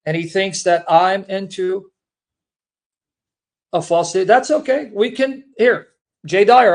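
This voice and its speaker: A man hosting a livestream, making an earnest, emotional personal statement to his listeners, repeating himself and calling them brethren. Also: sits high. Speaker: Christian apologist livestream host.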